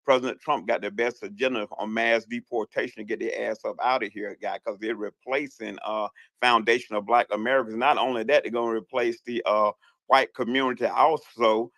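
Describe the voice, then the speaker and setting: This caller, a Southern US man in a casual online audio room chat, is blunt and emphatic and curses a lot. He speaks a little fast at medium pitch, with fairly even intonation and a slightly bright tone. No room sound is audible.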